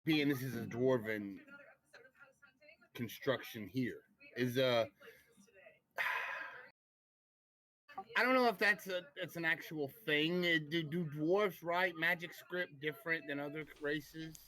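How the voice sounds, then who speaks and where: A man's voice: on the high side, slow pace, long pauses, pushed and bright, rough recording. A man playing in a tabletop game, asking curious questions about the world. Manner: curious, asks many questions. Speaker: player.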